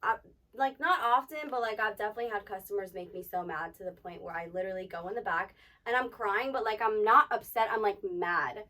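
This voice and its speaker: Bright, blunt young woman hyping listeners. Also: medium pitch, brisk, recorded from a distance. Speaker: podcast co-host, dancer. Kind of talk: casual chat, giving pep-talk advice.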